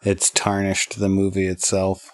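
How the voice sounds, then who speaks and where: Lowish guy on a podcast, dry wry jokes, laid back chat. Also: completely flat delivery, a little slow. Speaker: podcast co-host. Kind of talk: casual chat.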